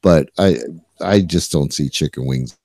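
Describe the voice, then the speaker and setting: Man, deep mellow voice, lively pitch, dry close sound, halting chat. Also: dry recording. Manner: halting, restarts often. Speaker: podcast co-host. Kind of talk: casual chat.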